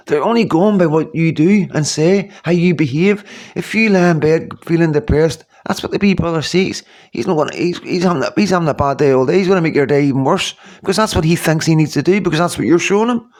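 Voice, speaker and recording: A man's voice: a little high, darkish tone. A man in his fifties giving a rambling, earnest motivational talk to his viewers, full of repeats and "you know what I mean". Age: 50s. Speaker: YouTuber.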